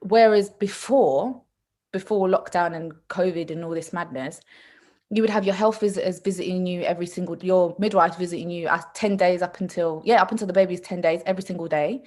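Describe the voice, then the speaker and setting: A young woman with a lowish voice talks fairly quickly as a podcast co-host. She tells stories animatedly in casual chat, laughing often and acting out what other people said.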